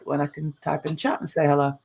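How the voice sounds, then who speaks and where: A woman's voice: sits low, flat delivery, quick pace, gravelly, darkish tone, husky. A woman guesting on a live stream, teasing and laughing easily in casual banter over a video call. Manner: giggly, teasing.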